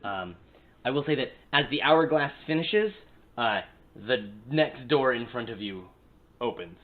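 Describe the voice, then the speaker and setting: A man's voice: medium pitch, expressive, measured pace. Man running a tabletop game over lo-fi audio. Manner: casual, filler-heavy rules talk. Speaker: game master. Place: small crowded room. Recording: phone-like lo-fi sound with faint hiss.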